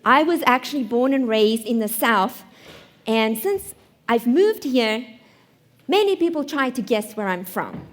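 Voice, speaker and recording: High-voiced South African woman host. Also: lively intonation, unhurried. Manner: playful, self-mocking, emphatic. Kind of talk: stand-up monologue. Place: live studio stage.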